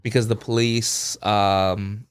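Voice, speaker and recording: A man's voice: on the low side, slow pace, smooth. A man co-hosting a podcast, casually retelling a story with lots of "like" and acted-out quotes. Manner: animated retelling, acts out quoted voices, fillers like "like". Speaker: podcast co-host.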